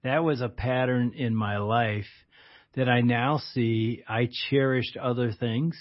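A man's voice: mid-range voice, steady tone, slow. A man in his sixties co-hosting a radio talk show as a pastor, chatting casually with teasing interjections. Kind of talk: casual conversational chat. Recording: dull lo-fi sound.

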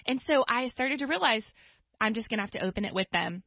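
A woman, a guest author, telling stories in a casual conversation with lively asides. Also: on the high side, dry recording. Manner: lively storytelling with quick asides. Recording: dull dry studio sound.

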